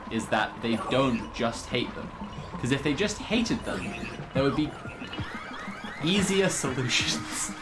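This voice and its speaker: A man co-hosting a stream, reacting to a video with sarcastic, animated commentary and casual swearing. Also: mid-range voice.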